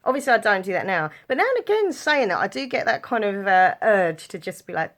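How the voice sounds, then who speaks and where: A woman's voice: medium pitch, big pitch swings, fairly quick, fairly bright tone. A young woman vlogging to camera, chatty and giggly, rambling with lots of fillers. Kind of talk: casual chat to camera.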